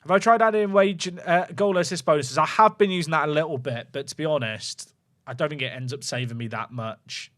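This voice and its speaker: A man's voice: fairly high pitch, fairly quick, a bit bright. A man chatting casually to viewers while he plays a football management game on stream, thinking aloud. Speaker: gaming streamer. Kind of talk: casual livestream commentary.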